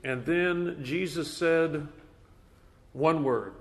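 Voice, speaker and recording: A man's voice: a little high, extremely slow. A man leading a Bible study class in a conversational way, asking the group questions.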